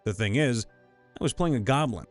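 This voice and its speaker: A man narrating viewer stories in a scripted voice-over, reading lively and sometimes slipping into put-on voices. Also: medium pitch, brisk. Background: faint background music.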